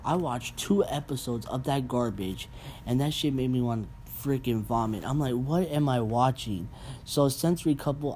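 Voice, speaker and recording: A young man hosting a casual podcast, ranting bluntly and profanely with animated asides. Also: mid-range voice, a little hiss or hum. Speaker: podcast host. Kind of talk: casual rant.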